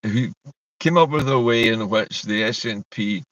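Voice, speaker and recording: A Scottish man co-hosting a political discussion, talking in an animated, indignant way. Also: fairly low pitch, unhurried, no room sound. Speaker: co-host. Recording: dull distant dry mic.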